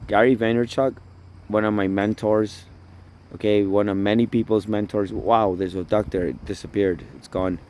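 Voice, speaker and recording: A man with a somewhat low voice talks into a phone held in his hand while out by the water. He rambles, swears freely and circles back over the same points. Faint outdoor sounds sit behind him. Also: steady tone, moderate pace, a little mellow, slight background noise. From Toronto area. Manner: rambling, profane, repeats himself. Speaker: vlogger. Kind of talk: casual outdoor vlog monologue. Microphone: phone camera held by himself.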